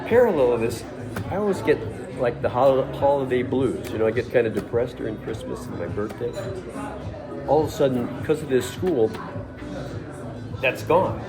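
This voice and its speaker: A man telling a casual, emotional story in a halting way, often repeating his words. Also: mid-range voice, lively intonation. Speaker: storyteller recounting a school visit. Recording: crowd chatter and music behind.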